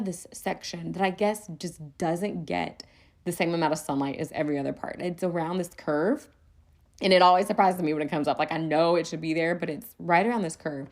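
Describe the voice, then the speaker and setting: Chatty, laughing woman podcast host. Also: fairly low pitch. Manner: chatty, animated, laughs often. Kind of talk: casual solo podcast chat.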